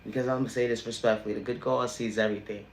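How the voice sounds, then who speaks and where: A man speaks directly to his livestream audience in rapid-fire fashion, preaching motivation and repeating emphatic refrains like a sermon. His pitch stays mid-range with fairly even intonation, the sound is roomy, and a faint hiss of background noise runs beneath.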